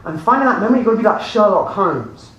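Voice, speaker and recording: Animated man speaking to a seminar crowd. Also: high-pitched, quick pace, dull audio. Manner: animated, laughing, addresses audience directly. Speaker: motivational speaker. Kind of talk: live seminar talk. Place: seminar room with audience. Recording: echoey room from far off, faint noise.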